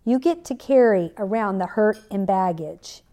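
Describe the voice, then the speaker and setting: A woman's voice: medium pitch, expressive, measured pace, mellow. A middle-aged woman hosting a faith podcast, earnestly telling a personal story and quoting scripture. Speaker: podcast host. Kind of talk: faith-based podcast talk.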